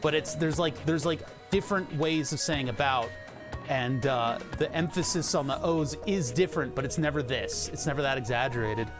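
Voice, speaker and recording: A man's voice: mid-range voice, normal speed, over music. A man with a Philadelphia accent, streaming live and chatting casually, rambling, laughing often and swearing now and then.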